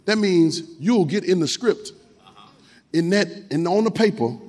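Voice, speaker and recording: Delivering an animated sermon, a high-voiced man drops into quick, low asides and then shouts lines for the congregation to repeat back. The call-and-response style has him repeating phrases, and a long reverb from a large hall trails his voice.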